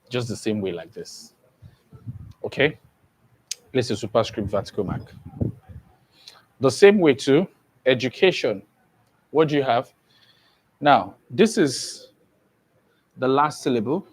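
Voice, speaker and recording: A man giving an exam-prep lesson who keeps asking the class questions and repeating key points. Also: medium pitch. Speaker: teacher.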